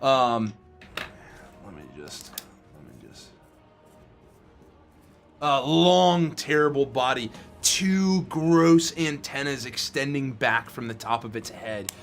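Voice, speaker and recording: A man narrating as game master, describing a scene with halting pauses. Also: medium pitch, expressive, soft background music.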